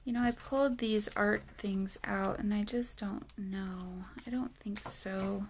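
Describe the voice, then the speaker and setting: A woman's voice: mid-range voice, fairly even intonation, measured pace, slight background noise. A woman crafting on camera, chatting casually as she works, musing aloud, trailing off and laughing often. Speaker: craft vlogger. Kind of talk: casual talk while crafting.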